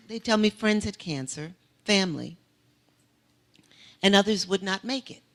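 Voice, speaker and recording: A woman preaching a testimony in a church sanctuary. Her voice is lively and full of movement, carrying her story along with rising, emphatic swells. She speaks as a guest speaker in a sermon. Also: medium pitch, unhurried.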